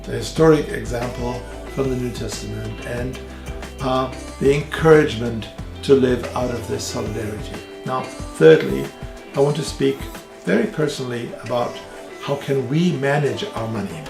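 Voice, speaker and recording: A middle-aged German man with a German accent, giving an earnest podcast teaching talk slowly and deliberately. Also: mid-range voice, vocal fry, echoey room, music in the background. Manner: earnest, slow and deliberate with many fillers. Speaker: theologian and evangelist.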